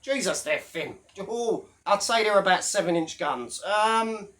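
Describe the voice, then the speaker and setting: A man's voice: sits high, lively intonation, unhurried, a bit bright. A man talking straight to camera in a casual, mocking rant full of swearing. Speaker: YouTube commentator. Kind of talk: casual ranting monologue.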